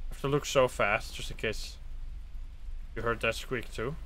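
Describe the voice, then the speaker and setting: A man's voice: mid-range voice, moderate pace, a little hiss or hum. A man streaming a ghost-hunting game live, talking to his chat and swearing often. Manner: excitable, swears, talks to chat. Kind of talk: live gameplay commentary.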